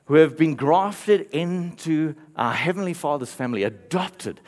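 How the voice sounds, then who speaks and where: Guy preaching, telling a funny story, laughs here and there, pretty animated. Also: a little high, unhurried. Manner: storytelling with playful asides and light laughter. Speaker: pastor. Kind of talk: sermon.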